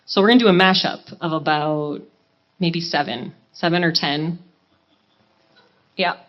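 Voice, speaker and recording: A woman's voice: low-pitched, measured pace. Bubbly woman chatting from a stage. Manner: bubbly and gushing, laughs at herself. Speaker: singer performing live. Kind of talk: chatty stage banter between songs. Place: live charity event stage. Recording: dull, muffled live recording.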